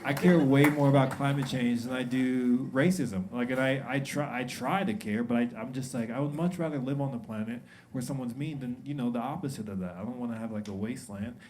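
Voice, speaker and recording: A man's voice: mid-range voice, fairly quick, hardly any pauses. A young man performing a stand-up comedy set, chatting loosely, acting out quotes and laughing at his own jokes. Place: comedy club stage. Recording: live club recording with loud crowd noise. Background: loud audience laughter.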